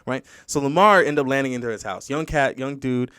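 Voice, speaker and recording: Fast-talking man telling a rambling story. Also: medium pitch, sharp tone, clean tone, no echo, clean studio sound. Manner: rambling storytelling with many restarts and quoted voices. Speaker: podcast host. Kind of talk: casual podcast conversation.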